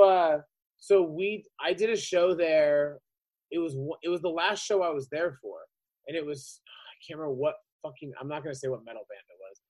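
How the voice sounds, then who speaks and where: Profane high-voiced storyteller man. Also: poor audio. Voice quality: profane, animated, acts out quoted people. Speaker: podcast guest. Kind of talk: casual storytelling chat.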